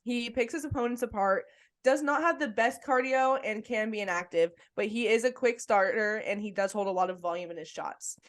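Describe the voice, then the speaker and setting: A woman's voice: on the high side, fairly quick. Woman, podcast co-host, enthusiastic, casual chat, laughs often.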